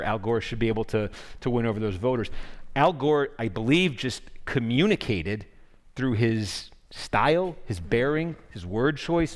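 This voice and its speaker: Earnest man explaining in a hall. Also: mid-range voice. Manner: earnest, explanatory, restarts sentences mid-thought. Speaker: guest speaker, political correspondent. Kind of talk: answering audience questions at a public forum. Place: large forum hall. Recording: long hall reverb.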